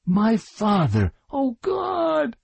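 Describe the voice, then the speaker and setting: A man voicing an excitable young woman in an audiobook reading, with a husky voice. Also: mid-range voice, normal speed, no echo, exaggerated voice. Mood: panicked.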